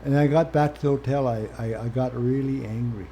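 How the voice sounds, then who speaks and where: Earnest older man with a mellow voice. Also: medium pitch, fairly quick, a little hiss or hum. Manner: earnest, plain-spoken, swings from quiet to animated. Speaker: interview guest, former First Nations chief. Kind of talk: candid personal storytelling.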